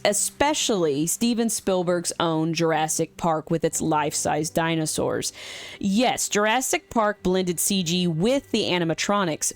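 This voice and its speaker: A woman hosting a movie review vlog, chatty and animated with casual fillers. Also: lowish voice.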